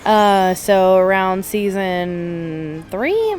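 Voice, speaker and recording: A woman co-hosts a gaming podcast, chatting casually through a playthrough and retelling stories with acted-out quotes. Her mid-range voice is animated and a little mellow, delivered extremely slowly over soft background music.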